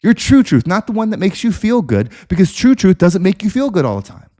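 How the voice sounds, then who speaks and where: A man's voice: sits high, very animated, brisk, warm tone. A man hosting a podcast, delivering an intense, repetitive motivational monologue with preacher-like emphasis. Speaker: podcast host.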